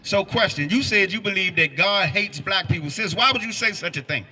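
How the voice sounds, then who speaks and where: A man's voice: sits high, lively intonation, brisk, slightly rough. A man preaching on a city street, firing pointed questions at passersby. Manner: forceful, quizzes listeners with pointed questions.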